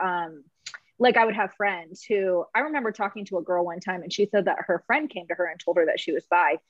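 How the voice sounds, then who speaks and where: A woman's voice: mid-range voice, no echo, muffled recording. A woman candidly telling her personal story on a podcast, emotional and laughing through tears, with many fillers. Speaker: podcast guest.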